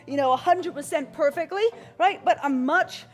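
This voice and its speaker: High-voiced, upbeat woman fitness instructor. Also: moderate pace, soft background music. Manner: upbeat, encouraging, calls out counts and cues. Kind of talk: live workout instruction with motivational talk.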